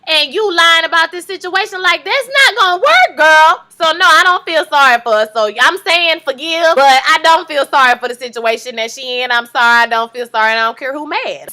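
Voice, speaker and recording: A woman with a bright, forward voice that sits a little high. She recaps a TV episode in a relaxed, lively way. She talks straight to her viewers. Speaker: TV recap vlogger.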